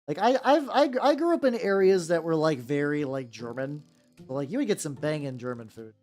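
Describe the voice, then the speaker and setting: Expressive and slightly mellow, this mid-range voice moves fairly quickly with gentle music playing underneath. The VTuber streamer jokes and rambles through a casual miniature-painting session, full of "like"s and false starts.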